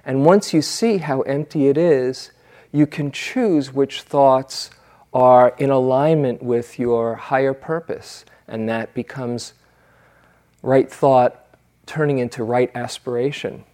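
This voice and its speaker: Slow, reflective male meditation teacher. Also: medium pitch, warm tone. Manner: unhurried, reflective storytelling with fillers. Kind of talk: dharma talk.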